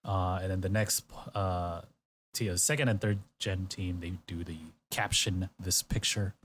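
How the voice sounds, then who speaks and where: A man's voice: low voice, a little slow, slight background noise. A man hosting a podcast, animatedly retelling a show and acting out everyone's lines in exaggerated voices. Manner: animated storyteller, acts out quotes in exaggerated voices. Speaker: podcast host. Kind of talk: casual chat recapping a variety show.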